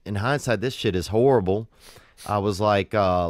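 A man calmly telling stories and giving advice in a matter-of-fact way. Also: fairly low pitch, normal speed, no room sound, studio quality. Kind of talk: casual storytelling and advice.

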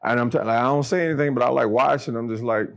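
A man's voice: very fast, gravelly. A blunt, foul-mouthed middle-aged man sits in on a podcast and tells stories from his military service. His voice sits in an ordinary middle register, then leaps up when he acts out the people he quotes. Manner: profane, blunt, acts out quoted dialogue with jumps in pitch. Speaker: podcast guest, military veteran. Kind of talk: casual storytelling chat.

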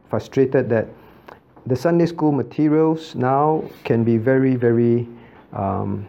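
A male pastor leads a Bible study in a mellow, warm voice. He keeps asking his listeners questions and repeats key phrases for emphasis. The recording sounds slightly dull and lo-fi. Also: medium pitch. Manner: asks the audience frequent rhetorical questions.

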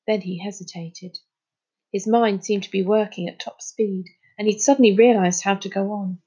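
A woman's voice: mid-range voice, moderate pace, husky, poor audio. Woman reading a children's story. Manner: expressive, storytelling. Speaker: storybook reader. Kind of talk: reading a children's novel aloud.

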